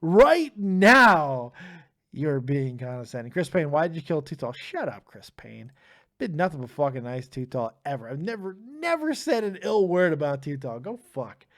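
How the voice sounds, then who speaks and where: A young male streamer with a fairly high voice rants at his chat between callers, tired and swearing freely. He sounds worn out, snapping and sarcastic as he talks. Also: very animated, moderate pace, a little mellow. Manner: tired, profane, ranting. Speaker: streamer host taking live callers. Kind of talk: profane live-stream rant.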